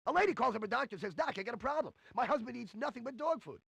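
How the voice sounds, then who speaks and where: Brash club comic, high gravelly voice, rapid delivery, bouncy and animated, dry sound. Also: male voice, no echo, soft background music, full character voice. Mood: joking. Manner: punchy set-up and punchline delivery, quick switches into quoted voices. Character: brash fast-talking male nightclub comic. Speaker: stand-up comic in a game. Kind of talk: stand-up joke delivery.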